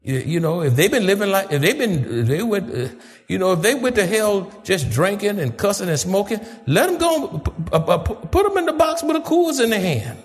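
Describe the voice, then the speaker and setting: A man preaching a fervent sermon, rising to shouts and calling on the congregation to answer back. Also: sits high, big pitch swings, normal speed, in a large hall. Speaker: pastor.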